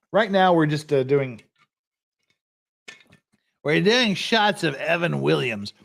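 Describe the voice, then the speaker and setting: A man's voice: a little high, big pitch swings, extremely slow, creaky, long pauses, a bit bright. A man hosting a casual livestream, swearing a lot and rambling while he drinks and gets tipsy. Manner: profane, rambling, mocking. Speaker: livestream host.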